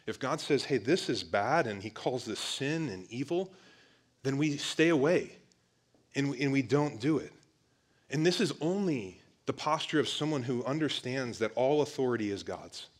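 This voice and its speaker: In a mid-range voice, a man preaches a casual sermon to a young audience, speaking conversationally. He often calls his listeners "guys" and restarts his phrases.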